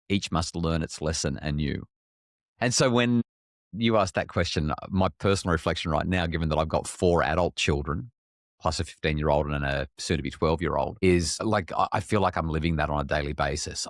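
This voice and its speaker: A man's voice: low voice, no echo, studio quality. A middle-aged Australian man, a parenting expert, talking candidly in a podcast conversation with many restarts and stammers.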